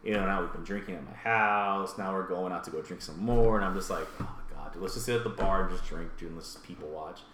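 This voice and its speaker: A man telling a story in casual chat, animated and profane, acting out the people in it. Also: sits low, quick pace, hardly any pauses. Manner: animated, swears, acts out voices. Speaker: podcast co-host telling a story. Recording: roomy echo, faint room noise.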